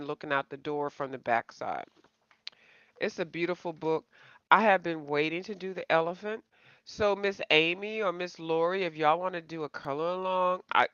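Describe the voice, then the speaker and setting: A woman with a low, clear, resonant and fairly bright voice hosts a coloring channel live-stream, chatting to viewers. She rambles, addresses them as y'all and is self-deprecating. The dry home recording is slightly dull, with no echo.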